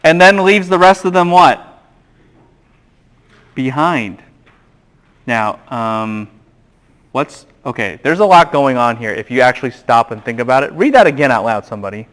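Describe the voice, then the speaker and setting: A man giving a classroom Bible lecture, animated and quizzing the students with questions. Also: medium pitch, moderate pace, long pauses.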